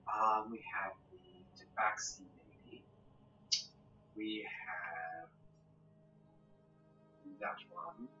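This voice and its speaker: A man playing a tabletop game, brisk and casually swearing. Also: on the low side, bright, forceful tone. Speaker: player. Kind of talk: tabletop role-play. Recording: echoey, dull mic with faint music.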